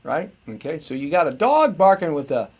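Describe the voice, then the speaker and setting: A man's voice: fairly high pitch, big pitch swings, a little fast, darkish tone, breathy edge. A middle-aged man hosting a live show, rambling and joking as he muses aloud to viewers. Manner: rambling and jokey, musing aloud.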